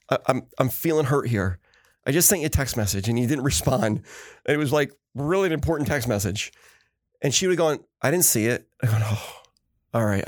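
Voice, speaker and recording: A man's voice: on the high side, no room sound, clean studio sound. A middle-aged man in casual chat who tells stories with energy and acts out what others said. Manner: animated storyteller acting out quotes. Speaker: podcast co-host.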